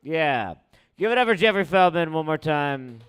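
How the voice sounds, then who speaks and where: A man's voice: on the high side, expressive, moderate pace, a bit bright, clean tone. A man hosting a comedy show, introducing acts and bantering with the crowd in a hyped way.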